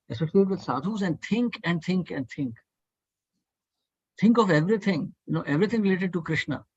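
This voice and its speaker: A man's voice: on the high side, husky, dry recording, highs cut off. A man leading a devotional scripture study class, urging listeners earnestly and repetitively to think and debate. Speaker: study group speaker.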